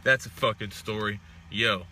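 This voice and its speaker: A man's voice: fairly low pitch, fairly even intonation, normal speed, bright, forceful tone, slight background noise. A young man from Texas hosting a casual live stream, greeting viewers and ranting with heavy profanity.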